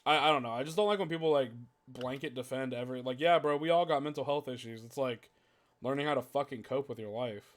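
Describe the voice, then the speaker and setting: A man's voice: mid-range voice, fast talker. A man hosting a casual podcast, ranting heatedly with lots of swearing and "like" fillers. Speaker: podcast host.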